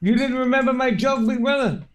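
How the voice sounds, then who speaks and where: A man's voice: very high voice, steady tone, fairly quick. A man co-hosting a live stream in casual chat, rambling and swearing freely, affectionate toward his friends.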